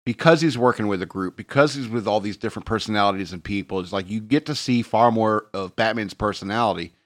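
Man, low voice, thoughtful, casual podcast talk. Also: fast, a bit bright. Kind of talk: casual chat.

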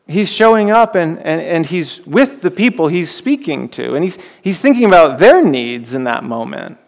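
Gravelly pastor preaching in a reverberant hall. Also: male voice, sits high, sing-song, moderate pace, hardly any pauses. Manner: conversational, with frequent rhetorical questions and restarts. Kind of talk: sermon.

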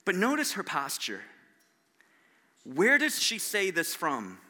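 A man's voice: sits high, huge pitch swings, slow pace, bright, forceful tone. A man preaching a sermon as a pastor, talking in a conversational, self-deprecating way with frequent restarts.

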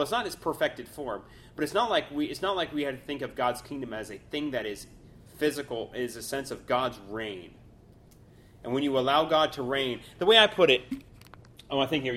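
A man's voice: on the high side, fairly bright tone, slight background noise. A man teaching a Bible study class in a loose, conversational way, full of fillers and restarts.

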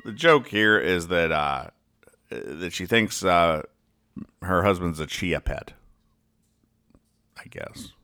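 A man hosts a casual comics read-aloud show. His voice sits on the low side but comes across bright and forceful. He talks haltingly, with plenty of "uh" and restarts, and dryly explains the jokes. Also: lively intonation, clear, resonant tone. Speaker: podcast host reading comics aloud.

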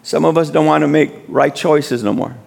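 A man preaching a sermon as guest speaker in a church, building to shouted appeals and call-and-response. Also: on the high side, moderate pace, creaky.

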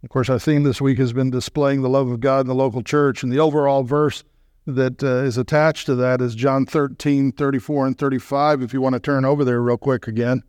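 A man preaching as a guest speaker, animated and emphatic, with joking asides to the congregation. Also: medium pitch, brisk, smooth, no room sound, clean studio sound. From Southern California. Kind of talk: sermon.

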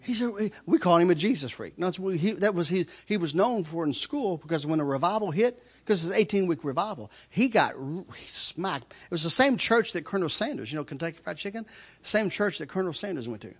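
A man's voice: high-pitched, expressive, fairly quick, slightly rough. A middle-aged man telling his testimony in a loose, rambling story. He laughs often and stumbles over repeated words. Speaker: speaker giving a testimony.

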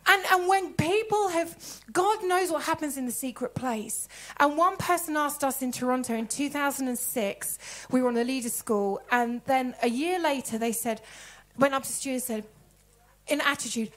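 A woman preaching a sermon with animated delivery, breaking into laughter and acting out the voices she quotes. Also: high voice, normal speed.

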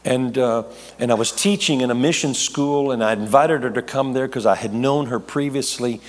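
A man's voice: medium pitch, moderate pace. A middle-aged man, a pastor, telling a long testimony in a sermon, rambling, correcting himself and laughing at his own asides. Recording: long hall reverb.

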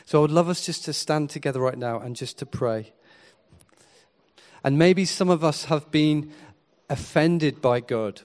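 An earnest male preacher delivers a sermon. His voice sits at an ordinary middle pitch. He shifts between hushed, reflective moments and sudden emphatic swells. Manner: earnest, builds from quiet to emphatic.

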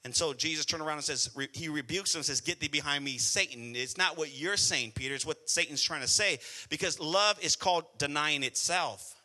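A middle-aged male pastor preaching a sermon, swinging between soft prayer and loud exhortation. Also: a little high, fairly quick, few pauses. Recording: music playing behind the voice.

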